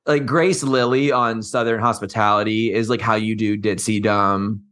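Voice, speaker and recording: A man co-hosting a podcast, gossiping about reality television in a campy, animated way. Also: on the low side, normal speed. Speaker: podcast co-host. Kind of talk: casual chat.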